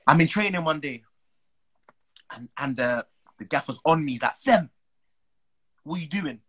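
Husky young man telling stories. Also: a little high, normal speed, low-quality recording. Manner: animated, slang-heavy, acts out the people he quotes. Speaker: guest, footballer. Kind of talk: casual storytelling.

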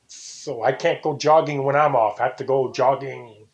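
An older man hosts a casual talk show as a podcast host, speaking at a moderate pace with a medium pitch and fairly even intonation. He rambles indignantly and sometimes imitates the way people say things.

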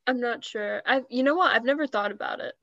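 A woman's voice: a little high, fairly quick, a bit bright, no room sound. Teasing young woman, muffled podcast mic. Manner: teasing, playful. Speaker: podcast co-host. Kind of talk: casual chat.

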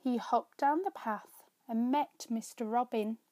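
Slow, gentle woman reading a children's story. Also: a little high, a little hiss or hum. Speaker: storyteller and author.

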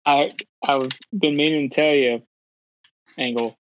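A man of medium pitch telling a casual story on a podcast. He rambles and stops to search for names. His audio is dull and lo-fi. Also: fairly even intonation, unhurried, a little hiss or hum. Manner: rambling, loses words. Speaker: podcast co-host.

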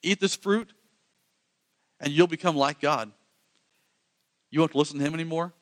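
Man voicing a smooth tempting serpent. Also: on the high side, close to an everyday voice. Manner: quick, persuasive.

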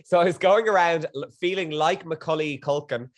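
Young guy guest, slightly high voice, gushy excitable storytelling. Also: brisk. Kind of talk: casual chat.

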